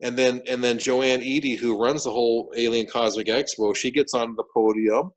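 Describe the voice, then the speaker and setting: A man telling a story as an interview guest, animated and full of restarts and repeated words. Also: mid-range voice, moderate pace, poor audio. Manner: animated, repeats words and restarts sentences while retelling events.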